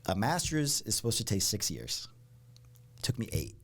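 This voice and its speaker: A man from Ohio, a podcast guest, telling stories in a casual, animated way and often saying "like" and "dude". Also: fairly low pitch, normal speed, slightly rough. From Ohio, United States. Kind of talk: casual storytelling.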